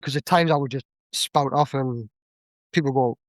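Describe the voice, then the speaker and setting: A young adult man with a Northeast English accent, chatting casually as a podcast guest, animated and full of fillers. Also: mid-range voice, moderate pace, dry recording. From Northeast England. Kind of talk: casual chat.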